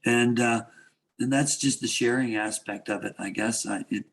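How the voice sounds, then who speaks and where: A man's voice: medium pitch, fairly even intonation, moderate pace. A Canadian man in his sixties, a martial arts instructor, talking casually as an interview guest, rambling with lots of fillers and restarts.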